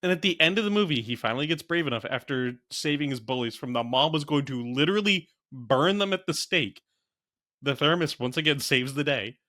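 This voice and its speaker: A young adult man chats casually as a podcast co-host, recounting scenes with animated disbelief. His voice sits a bit high and comes across bright and forceful. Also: fairly quick. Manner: incredulous, animated retelling of scenes. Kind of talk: casual movie review chat.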